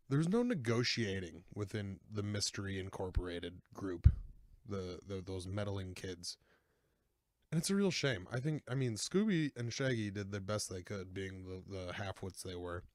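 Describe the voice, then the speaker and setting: Young male podcast host, low voice, dead-dry sound; loose, joking, filler-heavy rambling. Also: a little mellow, no echo. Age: 20s. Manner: rambling, joking, self-deprecating, many fillers. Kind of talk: casual comedic chat.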